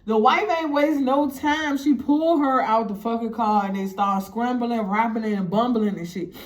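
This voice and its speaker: A woman telling a story casually, animated and profane, acting out the quotes. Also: a little high, moderate pace.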